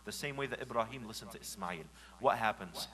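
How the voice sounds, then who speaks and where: A man preaching a Friday sermon in a mosque. He moves from hushed, gentle lines to loud, acted-out scolding. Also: on the low side, fairly quick, low-quality recording. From United States. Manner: animated, swings from hushed to shouting when acting out scolding.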